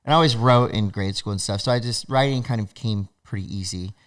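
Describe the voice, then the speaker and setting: A man guest on a podcast, telling stories in an animated, laughing way and acting out what other people said. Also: on the low side, fast. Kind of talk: casual storytelling.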